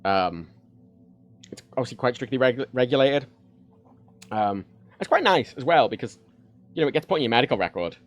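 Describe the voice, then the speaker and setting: Male streamer, mid pitch, frank, rambling chat at a desk mic. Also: lively intonation, fairly quick, long pauses. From United Kingdom. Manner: rambling, frank, many fillers and restarts. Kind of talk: casual livestream chat. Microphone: desk microphone.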